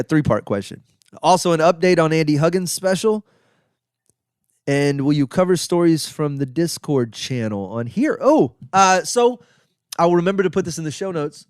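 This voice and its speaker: A man's voice: mid-range voice, clear, resonant tone, no room sound, studio quality. A middle-aged man hosting his own podcast, answering listener questions in a rambling, chatty way with lots of fillers and asides. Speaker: podcast host.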